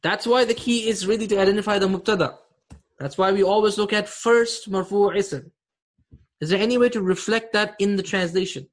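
A man's voice: high voice, steady tone, brisk. A man teaching an Arabic grammar class online, patient, repeating terms and checking that students follow.

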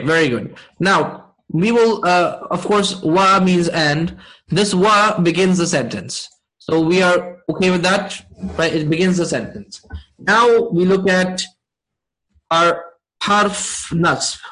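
A man teaching a Quran and Arabic lesson, checking in with his class often and reciting verses quickly. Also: high-pitched, pushed and bright, low-quality recording. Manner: asks the class frequent check-in questions, many fillers. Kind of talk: interactive online class lesson.

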